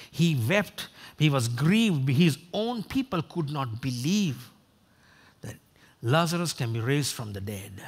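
A man preaching a sermon, animated, acting out quoted voices and often repeating and restarting his words. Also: sits high. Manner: animated, acts out quoted voices of God and people. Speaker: pastor.

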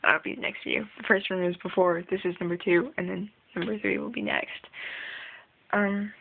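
A woman's voice: medium pitch, steady tone, normal speed, vocal fry, phone-quality sound, slight background noise. A young woman rambling casually in a video diary, chatty and full of ums. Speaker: vlogger.

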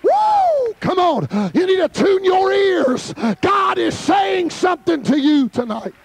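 A man preaching a fervent Pentecostal sermon at a youth camp service and shouting in bursts. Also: extremely high pitch, wildly swooping pitch, slow pace, vocal fry, slight background noise.

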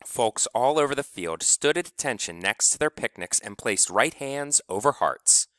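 A male audiobook narrator reads a novel as scripted narration, bringing expressive storytelling to it. His voice is medium in pitch at a moderate pace, recorded in a clean studio with no room sound.

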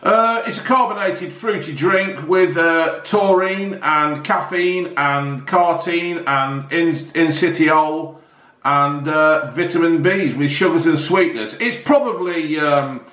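A man's voice: on the high side, slow pace, fairly bright tone. A middle-aged man casually reviewing a drink, rambling and joking, calling his viewers folks. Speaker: product reviewer. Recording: echoey room.

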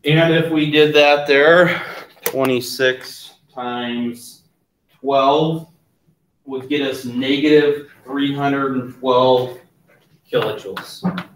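A man teaching a chemistry class in a relaxed lecture style, often stopping to ask if there are questions. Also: mid-range voice, takes it slowly, distant mic, a little hiss or hum. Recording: roomy classroom, voice from off-mic.

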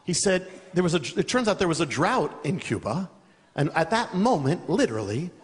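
High-voiced preacher guy telling a wild story, laughing a lot, big hall echo. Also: normal speed. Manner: animated, laughing through a funny story. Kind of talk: sermon storytelling. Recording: long reverb of a large hall.

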